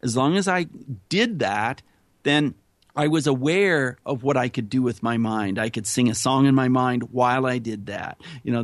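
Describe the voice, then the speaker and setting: A man telling stories in a casual interview, earnest and animated, often saying "you know". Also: mid-range voice, dry recording. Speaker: interview guest. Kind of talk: casual conversational storytelling.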